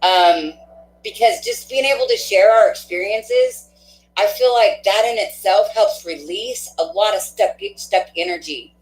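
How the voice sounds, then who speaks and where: A woman hosting a spiritual card-reading livestream, chatting warmly and laughing often, with a stuffy nose. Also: mid-range voice, unhurried. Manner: affectionate, chatty, laughs often, many fillers. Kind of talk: casual livestream sign-off chat. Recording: echoey room.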